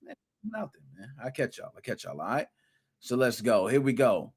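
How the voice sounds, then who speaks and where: Lively hype podcast host, a man. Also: mid-range voice, normal speed, husky. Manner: hype, playful, rhymes and slang, big shout-outs. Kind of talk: live-streamed gaming podcast intro, shouting out chat.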